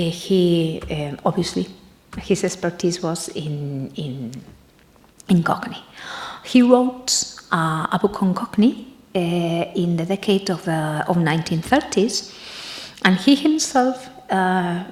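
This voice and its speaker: A woman gives an academic conference talk in a lecture room. Her delivery is halting, with frequent pauses as she searches for words. Her mid-range voice rings with noticeable room echo. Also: mid-range voice, a little mellow. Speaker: conference presenter.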